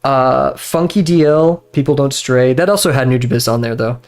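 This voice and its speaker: A man's voice: medium pitch, moderate pace, darkish tone. A young man streaming from his bedroom, chatting loosely while he draws, rambling with fillers, restarts and frequent laughs. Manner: rambling, easily distracted, many fillers and restarts, laughs often. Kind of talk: casual chat while drawing. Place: bedroom at home.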